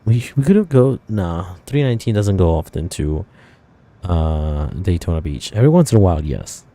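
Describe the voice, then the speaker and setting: Mellow, low-voiced man musing over flights. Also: very animated, normal speed. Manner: thinking aloud, rambling with fillers and self-corrections. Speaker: flight sim streamer. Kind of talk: casual live-stream chat.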